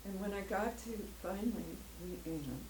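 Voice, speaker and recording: A woman's voice: mid-range voice, brisk. An older woman giving an emotional personal testimony as a guest speaker at a church, rambling a little and laughing often. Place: church hall. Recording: echoey room, faint noise.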